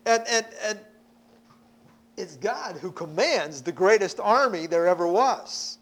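A man delivering a sermon in a high, lively voice that rises and falls widely. He speaks slowly and emphatically, often repeating words as he stresses a point. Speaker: preacher.

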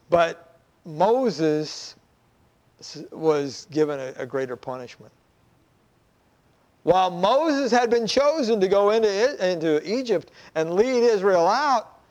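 A man preaching a sermon, telling a story in an animated way and acting out the voices of the people in it. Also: sits high, muffled recording. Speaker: pastor.

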